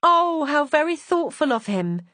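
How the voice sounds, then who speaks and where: A woman doing an eager young maid, gushing, high and bouncy, dry close sound, audiobook. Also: lively intonation, moderate pace, dry recording. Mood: gushing delight. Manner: gushing, breathless with delight.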